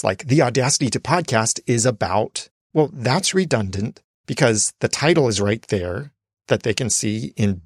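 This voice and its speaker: Gravelly man teaching podcasting tips. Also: medium pitch, no room sound, studio quality. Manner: explains in numbered tips, slows to stress phrases. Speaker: podcasting coach. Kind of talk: instructional talk.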